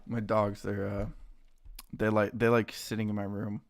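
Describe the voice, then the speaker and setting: A young man casually chatting on a live stream while trading stocks, excitable and slangy, greeting viewers by name. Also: lowish voice, moderate pace, gravelly. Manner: excitable, talks to chat and his dogs, says dude a lot.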